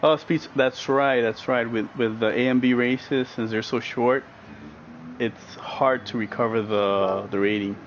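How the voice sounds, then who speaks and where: A man's voice: mid-range voice, fairly even intonation, a little slow, rough recording. Laughing man streaming a racing game. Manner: chatty, reads out viewer comments, laughs often. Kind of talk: live stream chat while racing. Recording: racing game car noise loud behind voice.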